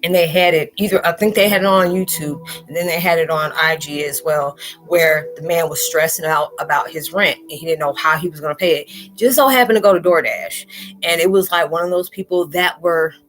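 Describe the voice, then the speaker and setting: A woman's voice: low voice, fairly quick, a bit bright, soft background music. Earnest rambling woman vlogger. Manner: earnest, rambling, emotional, acts out quoted people. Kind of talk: heartfelt monologue to camera.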